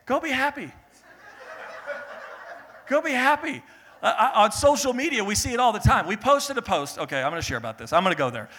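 Young man preaching, bright voice, animated, swings between loud and hushed. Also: high voice, very fast, few pauses. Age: young adult. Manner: animated, laughing, builds to loud peaks then drops to soft earnest tone. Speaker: pastor. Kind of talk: sermon.

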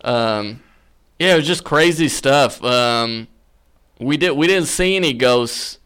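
A young man telling a story on a podcast, loose and full of fillers, getting animated at the spooky parts. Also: medium pitch, takes it slowly, clean tone. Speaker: podcast guest. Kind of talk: casual storytelling.

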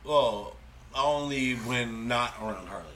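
A man's voice: mid-range voice, a little slow, a bit bright. A man co-hosting a casual podcast chat, laid-back and dry, arguing his points. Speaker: podcast co-host. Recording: distant mic, faint noise.

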